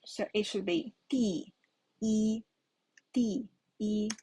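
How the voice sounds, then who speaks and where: A woman's voice: mid-range voice, steady tone, drawn-out words, mellow, husky. A woman giving a patient Mandarin lesson, repeating each word twice as she explains the tones. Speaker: Mandarin teacher. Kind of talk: slow explanatory language lesson.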